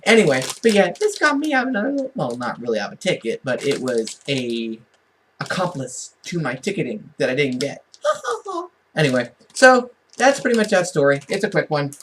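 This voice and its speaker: A man's voice: fairly high pitch, big pitch swings, normal speed, distant mic, noisy background. A man telling a story casually to his camera, rambling with many restarts and asides, chatty and amused.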